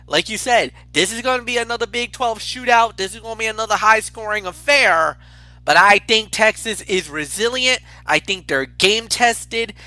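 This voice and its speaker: Bright, high-voiced excitable man. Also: dry recording. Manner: excitable, rambling, quick restarts. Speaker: co-host picking games. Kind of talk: casual sports picks chat.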